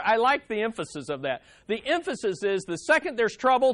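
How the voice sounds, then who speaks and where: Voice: mid-range voice, sing-song, a little fast, no room sound, clean studio sound. A pastor preaching a sermon on a psalm, emphatic, repeating key phrases and calling for amens.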